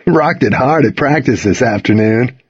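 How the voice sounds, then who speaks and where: A man's voice: medium pitch, animated, normal speed, slightly rough, no room sound. A man voicing an easygoing, chuckling teenage athlete. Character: laid-back teen athlete boyfriend. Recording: dull, dry lo-fi reading.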